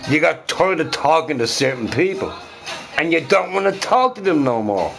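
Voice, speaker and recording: A man's voice: fairly high pitch, big pitch swings, moderate pace, a bit bright. A middle-aged man chatting casually and profanely on a live stream, rambling and repeating himself, with faint music behind.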